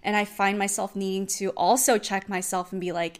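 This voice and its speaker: Earnest young woman with a smooth voice. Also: medium pitch, fairly quick. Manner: earnest, expressive, explanatory. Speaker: self-empowerment coach. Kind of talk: personal vlog talk.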